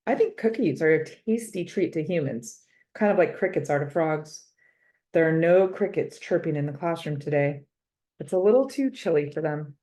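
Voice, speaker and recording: A woman narrating a children's storybook in a lowish, mellow voice. She reads expressively and stretches words out for effect. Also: animated, normal speed. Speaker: storybook reader.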